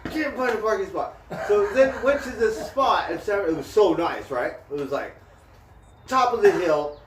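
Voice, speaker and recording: A man's voice: high-pitched, lively intonation, moderate pace, far from the mic. A man telling a profane road story in casual chat. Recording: echoey room, voice from off mic, faint noise.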